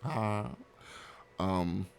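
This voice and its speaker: Relaxed low-voiced let's-play guy. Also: drawn-out words, slight background noise. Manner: rambling, joking, many fillers. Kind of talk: casual gameplay commentary.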